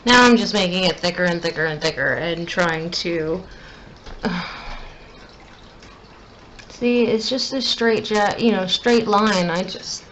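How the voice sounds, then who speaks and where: A young woman speaks at a normal pace with hardly any pauses, her lowish voice fairly bright, while doing her makeup at home for a casual tutorial. She thinks aloud and runs herself down, getting more and more frustrated. The recording is rough, with slight background noise.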